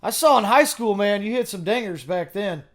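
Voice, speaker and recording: Brash high-voiced male podcast host. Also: expressive, normal speed. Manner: brash, joking, swears freely. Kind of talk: casual podcast talk.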